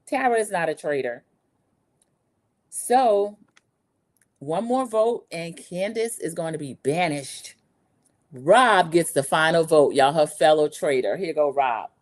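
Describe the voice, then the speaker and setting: A woman's voice: deep voice, slow, long pauses. Lady in her 40s dishing on a tv episode, sassy and chatty, voices the cast. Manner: chatty, sassy, quotes cast members in lively put-on voices. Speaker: recap show host. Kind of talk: casual TV recap commentary.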